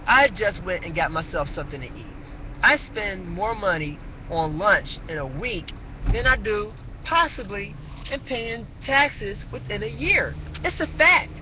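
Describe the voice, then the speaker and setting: A man ranting casually on a phone livestream, rambling with many fillers and animated rises. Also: sits high, moderate pace, poor audio. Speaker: vlogger. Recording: phone mic with faint car noise.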